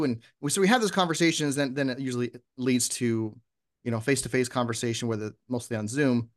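A man talking as a guest in a casual interview, lively and often acting out example posts. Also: mid-range voice, fast talker. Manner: animated, acts out sample posts in voices. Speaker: podcast guest.

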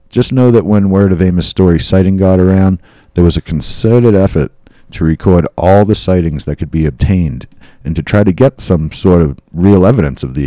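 A man's voice: sits low, dark tone, no room sound, clean studio sound. A man hosting a podcast, reading historical accounts aloud with casual asides. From New England. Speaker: podcast host. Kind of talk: casual storytelling from notes.

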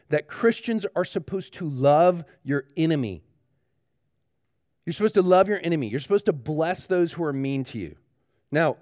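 Pastor preaching to kids. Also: male voice, fairly high pitch, a little mellow, no echo, clean studio sound. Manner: talks directly to kids, asks them questions. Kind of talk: children's sermon.

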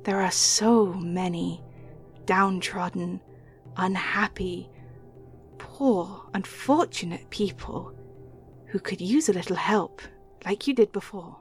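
A woman voicing a sly, hushed patron goddess. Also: medium pitch, slow, long pauses, soft background music. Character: red female patron deity, sly and bargaining.

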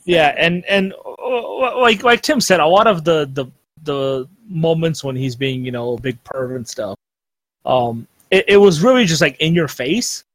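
A man's voice: on the high side, animated, unhurried, a bit bright, no room sound. A man chatting casually on a podcast, rambling with lots of fillers and restarts. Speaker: podcast co-host. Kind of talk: casual chat.

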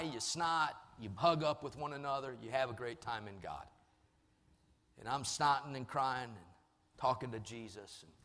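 Preacher guy telling his story, goes quiet then loud, big echoey hall. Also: mid-range voice. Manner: storytelling, swings from soft to loud. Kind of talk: sermon. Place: large church hall. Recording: long hall reverb.

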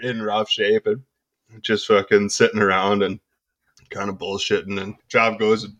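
A man's voice: fairly low pitch, little pitch movement, moderate pace, fairly bright tone, muffled recording. A young man telling a rambling, profane story among friends, with casual chat and frequent laughter.

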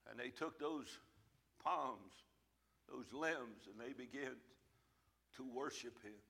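A man's voice: mid-range voice, takes it slowly, creaky, pushed and bright, breathy edge. A man preaching a sermon in church, emphatic and plain-spoken, his volume swelling and falling back. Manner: folksy, plain-spoken phrasing. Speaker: pastor.

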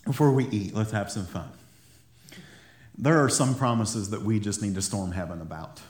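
A man preaching a sermon to his congregation, animated, laughing often and repeating words as he goes. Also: on the low side, normal speed. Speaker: pastor. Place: church hall. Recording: echoey church room.

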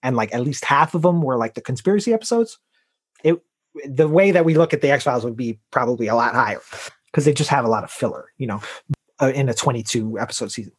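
A man's voice: mid-range voice, lively intonation, fast, husky. A man co-hosting a podcast, rambling casually with lots of fillers and laughs. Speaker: podcast co-host. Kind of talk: casual comedic chat.

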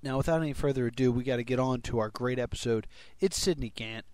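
A man's voice: mid-range voice, fast talker, darkish tone, clear, resonant tone. A man hosting a comedy podcast, reading plugs in a jokey, rambling way and correcting himself. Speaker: podcast host. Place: live show with audience.

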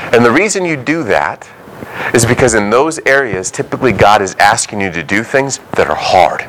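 A man's voice: medium pitch, animated, normal speed, fairly bright tone, slight background noise, poor audio. A man preaching a sermon as a pastor, talking conversationally and acting out short quoted voices.

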